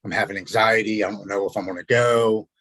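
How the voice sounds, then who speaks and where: A man, a podcast guest, telling his own story in an earnest, halting way, often repeating words as he goes. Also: lowish voice, steady tone, fairly bright tone, dry recording, poor audio. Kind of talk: personal storytelling.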